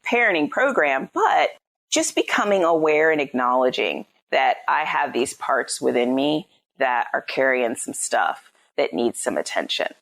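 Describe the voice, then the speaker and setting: A woman's voice: rumbling low, sing-song, a little slow, creaky, fairly bright tone. A middle-aged woman, a psychologist and parenting coach, explains her ideas in a conversational podcast interview and keeps checking in with "right?".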